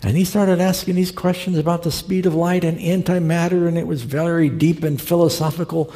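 In a large hall with long reverb, a man preaches a storytelling sermon in a slightly high, steady, mellow voice at a fairly quick pace. He's a folksy storyteller who plays out the characters he quotes.

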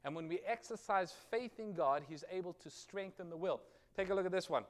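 A man's voice: high voice, fairly quick. A middle-aged man preaching a sermon, reading scripture with rising force and telling a personal story. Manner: earnest storytelling preacher, rises loud on quoted scripture. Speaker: pastor.

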